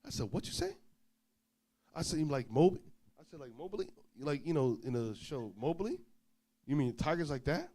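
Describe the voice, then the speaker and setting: A male preacher telling a travel story in an informal sermon, acting out both sides of the dialogue and swinging between loud and soft. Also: fairly high pitch, sing-song, brisk, slight background noise.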